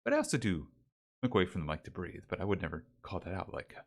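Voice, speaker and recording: Male streamer, low voice, animated delivery, rambling chat on a windsocked desk mic. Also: quick pace. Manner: rambling, talks to chat, reads names aloud. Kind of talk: casual livestream chat. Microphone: desk mic with pop filter and windsock.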